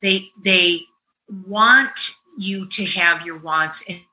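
A middle-aged woman hosting a podcast as a therapist, telling stories in a casual chat and swinging between loud and hushed. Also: lowish voice, takes it slowly, poor audio.

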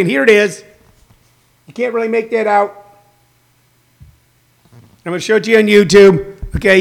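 At home on a rambling livestream, a comedian in his sixties reads out comments from viewers and plugs his shows in casual chat. His voice sits high and carries vocal fry.

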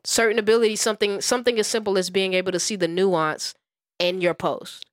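A woman's voice: medium pitch, fairly even intonation, a little fast, no room sound, studio quality. A woman co-hosting a podcast, talking in a laid-back, slangy way and musing over ideas. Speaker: podcast co-host. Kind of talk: casual chat.

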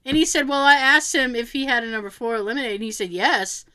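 A woman's voice: on the high side, quick pace. A woman telling a funny story in casual chat, acting out what others said and laughing often. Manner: animated, acts out quotes of others, laughs often.

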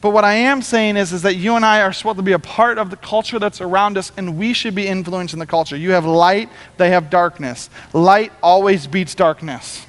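A man preaching a sermon as pastor, talking in an animated, conversational way. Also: high-pitched, brisk, hardly any pauses, big-room sound.

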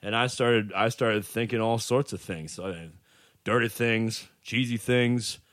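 A man tells a made-up, absurd story in a rambling, profane, deadpan way. The recording is dry and close, and his voice sits at a middle pitch. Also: unhurried, no room sound. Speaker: co-host. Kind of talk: improvised comedy storytelling.

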